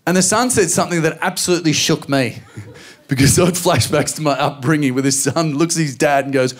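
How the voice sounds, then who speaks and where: A man in his forties with an Australian accent, performing a stand-up comedy routine on stage and telling stories with acted-out voices and sudden shouts. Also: on the high side, fast talker. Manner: animated storytelling, acting out voices and shouts. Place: comedy venue stage with a live audience.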